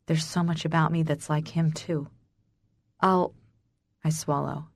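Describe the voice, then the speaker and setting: A woman narrates a first-person romance audiobook with an emotional, breathless intimacy. Her voice sits on the low side, and the recording is dry and close with no room sound. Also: steady tone, measured pace, no echo.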